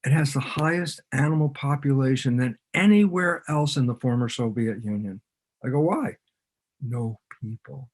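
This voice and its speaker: A man's voice: medium pitch, moderate pace. A man, a biologist guest on a podcast, explaining ideas in conversation and animatedly acting out both sides of imagined dialogues.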